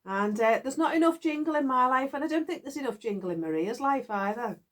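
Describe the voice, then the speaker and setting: Middle-aged UK woman, chatty craft vlogger, giggly and rambling, fairly high, very animated pitch. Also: brisk. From United Kingdom. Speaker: knitting vlogger. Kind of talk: casual chat to viewers. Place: garden shed.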